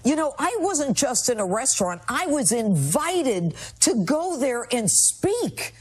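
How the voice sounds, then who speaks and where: A woman's voice: sits high, very animated, measured pace, husky. A woman guest in a TV news interview, telling her story in an indignant, emphatic way. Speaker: TV guest, former judge.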